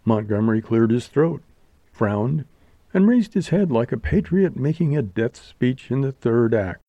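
Dark mellow male audiobook narrator. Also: mid-range voice, expressive, measured pace, no echo. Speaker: audiobook reader. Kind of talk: scripted narration.

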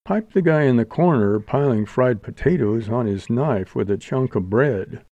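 A pompous, sulky young actor with slangy mock-solemn lines, read by a man in an audiobook. The tone is dark and mellow. The sound is dry and dull, like a lo-fi home recording. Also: mid-range voice, expressive, normal speed, no echo. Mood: indignant. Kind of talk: audiobook character voice.

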